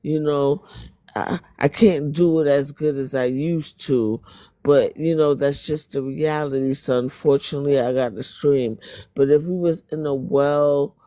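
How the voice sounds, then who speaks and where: Streamer, woman, New York accent, confrontational rant, mellow but strained voice. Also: deep voice, steady tone, unhurried, no echo. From Spanish Harlem, New York. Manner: blunt, confrontational, profane. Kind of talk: heated monologue to viewers.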